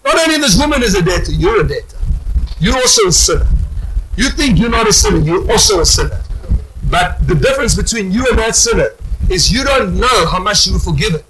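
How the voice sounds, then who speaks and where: A man preaching a sermon, animated, stumbling over restarts and rising to shouts. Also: high voice, brisk, slight background noise, poor audio.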